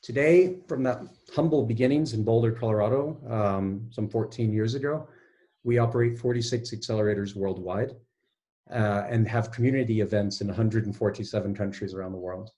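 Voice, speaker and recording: A man giving a relaxed, self-deprecating conference talk over a video call. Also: fairly low pitch, a little fast. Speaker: guest speaker. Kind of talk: online conference presentation.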